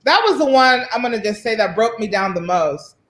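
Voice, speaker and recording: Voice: mid-range voice, lively intonation, fairly quick, a bit bright. Blunt, sardonic co-host in an echoey room. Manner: blunt, profane, sardonic, laughs. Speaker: podcast co-host. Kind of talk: casual chat. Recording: roomy echo.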